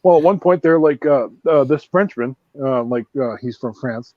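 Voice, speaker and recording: A man's voice: mid-range voice, normal speed, no room sound. A man from Canada chats casually on a stream and rambles with plenty of fillers and false starts. His voice sits in the middle range. The sound is dry and slightly dull. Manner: rambling, full of fillers and restarts. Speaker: host. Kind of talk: casual chat on a live stream.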